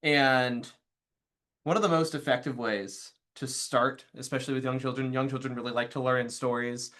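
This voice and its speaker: Bright-voiced man explaining teaching. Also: mid-range voice, steady tone, moderate pace. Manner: thoughtful, filler-laden explaining. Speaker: music teacher. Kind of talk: casual explanatory talk.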